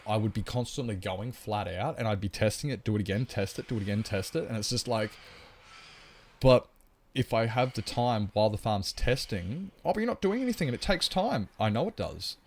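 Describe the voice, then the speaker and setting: A man's voice: fairly low pitch, moderate pace, darkish tone, a little hiss or hum. A man livestreaming a game, talking casually and at length while answering his chat. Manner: rambling, chatty, explains at length; reads and answers chat comments.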